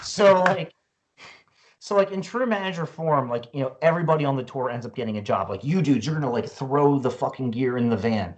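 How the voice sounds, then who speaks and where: Animated, swearing man telling a story. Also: mid-range voice, brisk. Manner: animated, profane, lots of "like" and "you know". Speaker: guest musician. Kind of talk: casual storytelling chat.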